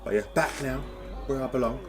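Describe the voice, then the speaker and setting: Music plays under a man's fairly quick, mid-range voice as he hosts live esports race commentary. Talkative and meandering, he goes through the standings with self-deprecating remarks.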